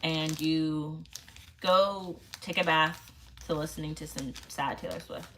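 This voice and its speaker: Young woman vlogger rambling slow, self-mocking, keeps laughing at herself. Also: deep voice, bright, forceful tone, a little hiss or hum. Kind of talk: casual chat to camera.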